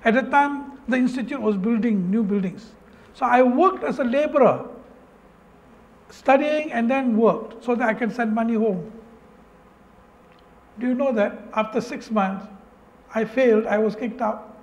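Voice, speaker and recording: A man with a Malaysian English accent and a fairly high voice tells his life story to an audience. He speaks earnestly and with feeling, breaking off mid-phrase and circling back to repeat himself. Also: measured pace, long pauses. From Malaysia, Penang. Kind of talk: personal story speech.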